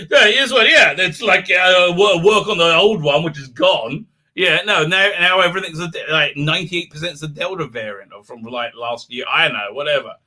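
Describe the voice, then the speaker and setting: Hosting a casual livestream chat, a man with a slightly high, sharp voice rambles, restarts often, and lets laughs slip into his speech.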